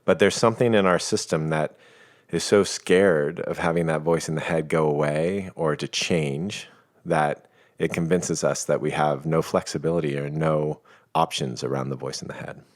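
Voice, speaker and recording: Really deep voiced guy chatting on a podcast, calm and playful, explains stuff. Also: normal speed. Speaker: guest, coach. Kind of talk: reflective conversation.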